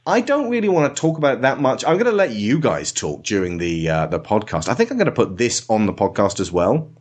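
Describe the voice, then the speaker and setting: A man's voice: lowish voice, sing-song, fast talker. A man hosting a podcast, giving a casual, sarcastic spoken film review and slipping into mock voices.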